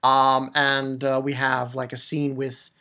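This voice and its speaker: A woman giving an excited, rambling recap of a manga chapter, swearing freely and restarting her sentences. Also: very deep voice, slow. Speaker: manga reviewer.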